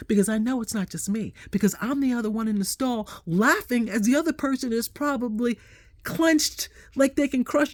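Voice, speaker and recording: Middle-aged lady vlogging, chatty and animated, acts out the quotes, dry close sound. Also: on the high side, no room sound. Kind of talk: casual storytelling to camera.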